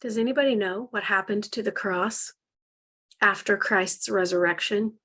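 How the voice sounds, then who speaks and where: A woman teaching a live online spiritual healing class, earnest and gently guiding, at times emotional, speaking into a video call microphone. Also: mid-range voice, normal speed.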